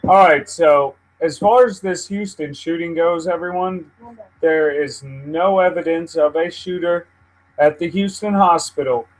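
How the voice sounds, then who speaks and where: A man's voice: fairly high pitch, measured pace, poor audio. Profane, frustrated man with a drawl. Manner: profane, easily frustrated, rambling. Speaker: livestream host. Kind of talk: casual live news stream.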